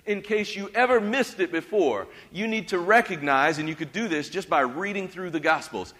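A man's voice: high voice, normal speed, bright, forceful tone. A man preaching a sermon as pastor, calling on his congregation to answer him back and cheer. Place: church hall. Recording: reverberant hall.

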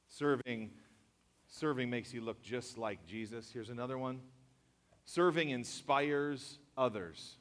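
A man's voice: mid-range voice, unhurried. A young man preaching a casual sermon to students, joking and laughing before turning earnest. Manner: jokey and animated, laughing at memes, then earnest. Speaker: youth pastor. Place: large hall or church auditorium. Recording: reverberant hall.

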